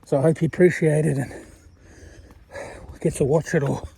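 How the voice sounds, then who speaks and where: A man's voice: fairly high pitch, fairly even intonation, moderate pace, vocal fry, warm tone, breathy edge, no echo. A man chatting in a rambling, wandering way while he walks, talking to a channel owner he admires. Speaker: viewer sending a video message. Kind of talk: rambling casual monologue.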